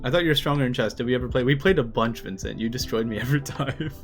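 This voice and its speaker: A male streamer reads a manga aloud in a loose, chatty way, at a medium pitch. He laughs often and follows Japanese lines with quick English translations. Faint music plays behind him. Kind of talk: casual live-stream manga reading.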